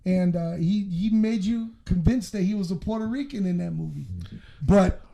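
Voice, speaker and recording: A man's voice: high-pitched, normal speed, creaky, dark tone. A man co-hosting a casual podcast, blunt and profane, telling stories with lots of animation. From Southwest Detroit. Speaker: podcast co-host.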